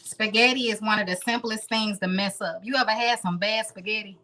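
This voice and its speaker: A woman's voice: mid-range voice, fairly even intonation, fairly quick, pushed and bright. A woman in her thirties hosting a casual live cooking stream from her home kitchen, chatting straight to her viewers. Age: 30s. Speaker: home cooking show host.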